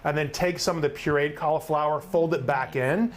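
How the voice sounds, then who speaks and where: A man's voice: a little high, fairly even intonation, a little fast. A middle-aged man, host of a live cook-along, talking through his recipe in an upbeat, chatty way and often asking "right?". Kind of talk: live cooking demonstration.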